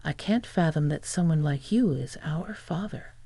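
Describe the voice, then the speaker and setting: A text-to-speech reader voicing a grown son angrily confronting his father, in a flat delivery. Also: fairly high pitch, moderate pace, creaky, no room sound. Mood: angry.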